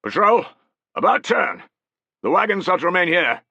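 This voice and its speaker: A man playing a gruff Roman centurion. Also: high-pitched, very animated, fast talker, sharp tone, no echo, dull audio, voice pushed up, full character voice. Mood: commanding. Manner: gruff, commanding. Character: hardened Roman centurion, stern.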